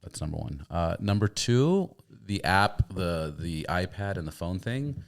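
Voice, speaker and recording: A man's voice: sits low, big pitch swings, unhurried, vocal fry. A middle-aged man hosting a casual conversation, telling stories animatedly and repeating words as he starts his sentences.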